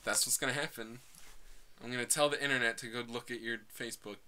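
A young man hosting a casual podcast chat, loud and full of laughter and swearing. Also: medium pitch, steady tone, fast. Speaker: podcast host.

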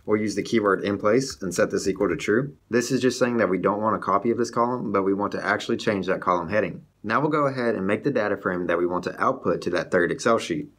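A young man hosting a coding tutorial, explaining each step of a script in a steady walkthrough over his screen. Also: on the low side, fast, few pauses.

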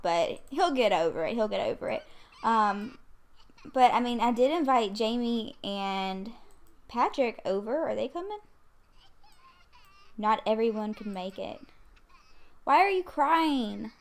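A woman's voice: a little high, lively intonation, measured pace, pauses often. Chatty, easily annoyed woman gamer. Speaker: gaming video creator. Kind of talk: casual gameplay commentary. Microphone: USB condenser desk mic.

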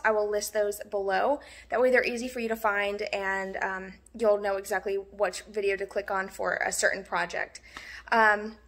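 Casting: friendly woman, slightly high voice, casual home vlog walk-through on a camera mic. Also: a bit bright. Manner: chatty, friendly, many "um" fillers. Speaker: home vlogger giving a house tour. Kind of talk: casual chatty house tour. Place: inside a small house, walking room to room.

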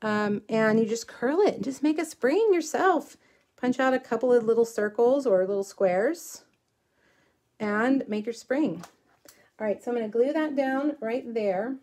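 A woman's voice: a little high, animated, a little slow, darkish tone. A middle-aged woman leading a live craft tutorial, talking her steps through and rambling into friendly asides as she works. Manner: chatty, rambling asides while working. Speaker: craft demonstrator.

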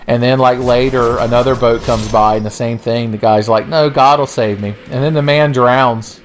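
A man's voice: mid-range voice, steady tone, moderate pace, a little hiss or hum. A young man giving sardonic, profane, rambling gameplay commentary. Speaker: let's play commentator.

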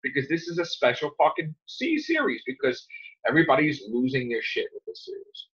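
A man hosting a podcast, ranting angrily with lots of swearing and sudden loud outbursts. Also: on the high side, wildly swooping pitch, fairly quick, husky. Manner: heated, profane, jumps to loud outbursts. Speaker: podcast host. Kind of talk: angry podcast rant. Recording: dull lo-fi sound.

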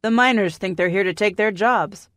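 A courteous, slightly flustered young gentleman from an audiobook, as a woman narrator voices him. He speaks with mannered politeness, recorded dry and close. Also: medium pitch, normal speed, no echo, close to an everyday voice. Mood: polite. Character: young man, polite, awkward nephew.

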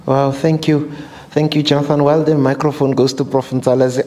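A man hosting and moderating a university panel discussion, speaking in a jovial, animated way and laughing often. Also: medium pitch, normal speed. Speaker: host and moderator.

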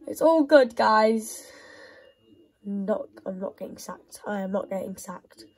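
A woman giving excitable commentary while playing a football video game, often shouting and squealing at the match. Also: mid-range voice, takes it slowly, rough recording. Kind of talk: gaming commentary.

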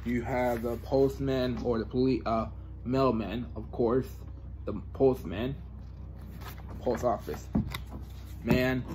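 A man's voice: medium pitch, steady tone, noisy background. A man reading a children's book aloud, stumbling and restarting words as he goes. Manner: halting, with frequent restarts and self-corrections. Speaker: reader.

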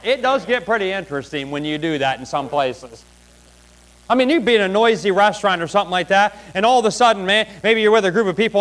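A man preaching a sermon, emphatic and swinging between loud exhortation and quiet, hushed asides. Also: sits high, rough recording. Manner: emphatic, drops to a hush for asides.

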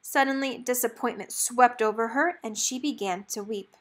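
A woman reads a children's picture book aloud in a fairly high voice. Her storytelling is clear and expressive, with Spanish words mixed into the narration. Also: moderate pace. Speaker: read-aloud host.

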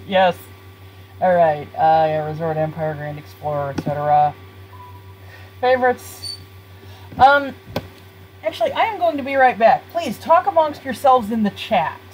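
A woman's voice: medium pitch, expressive, unhurried, long pauses, a little hiss or hum, rough recording. Giggly woman streaming a game. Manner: giggly, chatty, talks to chat. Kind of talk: casual live-stream chat.

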